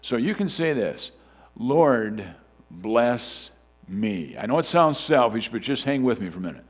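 A man delivers a sermon in a loose, conversational manner, often restarting his sentences. His pitch sits in a middle register but moves around a lot, lively and animated. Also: quick pace, breathy edge. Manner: conversational preaching with frequent fillers and restarts. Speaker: pastor.

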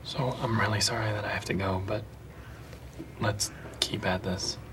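An actor playing a husband in a sitcom scene, speaking in a hushed, hesitant, apologetic way. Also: male voice, lowish voice, steady tone, normal speed, distant mic, background noise, lightly acted.

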